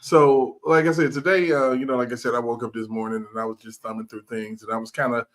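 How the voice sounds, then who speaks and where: A man hosting a podcast, telling stories in a loose, animated way, acting out quotes and swearing freely. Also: medium pitch, fast talker. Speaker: podcast host. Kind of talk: casual chat.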